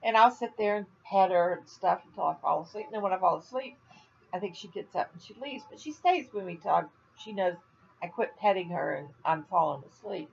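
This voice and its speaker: A woman's voice: on the low side, expressive, fairly quick, vocal fry, lo-fi sound, slight background noise. An older woman from Florida chatting casually on a home video vlog, rambling and laughing at her own jokes. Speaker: vlogger. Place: at home, indoors.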